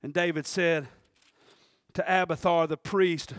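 A male pastor preaching a sermon in an animated style. He calls for amens, shouts, then drops to a quiet, intimate tone. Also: fairly high pitch, a little slow, no echo, studio quality.

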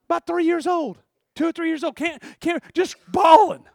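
A male preacher delivers a fervent sermon in a strikingly high voice. He swings between shouted bursts and hushed, storytelling stretches. The sound is dry, with no room around it. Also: steady tone, moderate pace, vocal fry, no echo.

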